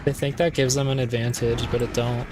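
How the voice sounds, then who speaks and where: A man's voice: mid-range voice, flat delivery, a little fast, over music. A male streamer chatting casually while playing, retelling a story in a rambling, playful way full of fillers. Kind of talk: casual gameplay commentary.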